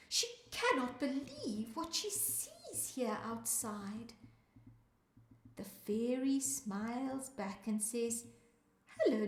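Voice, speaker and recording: A woman's voice: high voice, darkish tone, reverberant. A woman from South Africa, a children's music teacher, reading a rhyming story aloud in a sing-song way and calling out to young listeners.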